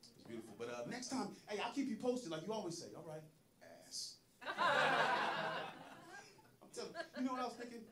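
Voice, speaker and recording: A man's voice: high voice, very animated, a little fast, pauses often, heavy background noise. A man doing a stand-up comedy set, acting out quotes and laughing often as he tells the story. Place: comedy club stage. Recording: echoey club with audience. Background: crowd laughing.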